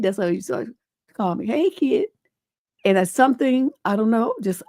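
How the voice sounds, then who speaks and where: Frank mellow-voiced advice host. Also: female voice, mid-range voice, no room sound, studio quality. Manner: reads a letter aloud, then answers in a frank, folksy way. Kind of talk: livestream advice chat.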